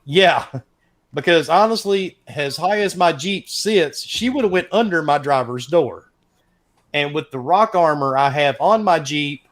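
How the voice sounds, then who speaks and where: A middle-aged man, casually telling a profane, animated story as a podcast host. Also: fairly high pitch. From American South.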